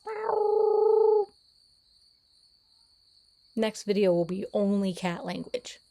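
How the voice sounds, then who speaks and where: A woman's voice: on the low side, fairly even intonation, a little fast, gravelly, darkish tone. A woman vlogging outdoors in casual chat, playful and meowing back at cats. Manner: playful, chats with cats and meows at them. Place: outdoors on her property.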